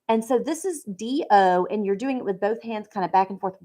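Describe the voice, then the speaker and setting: Relaxed, chatty woman teaching. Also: mid-range voice, a little fast. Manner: chatty, relaxed, frequent fillers. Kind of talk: casual instruction.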